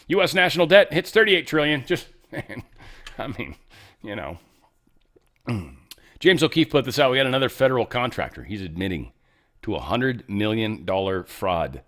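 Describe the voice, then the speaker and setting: A man in the host's chair talks through the day's news in a loose, rambling way. He piles up fillers and restarts as he goes, and his voice sits at an ordinary pitch. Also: a bit bright. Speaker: show host. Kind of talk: casual political commentary.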